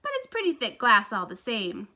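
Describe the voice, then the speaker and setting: Woman reader doing eccentric candy man, high and bright, gushing storybook delight. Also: wildly swooping pitch, normal speed, heavily acted. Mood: cheerful. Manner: gushing, exclamatory, theatrical. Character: excitable eccentric male candy factory owner.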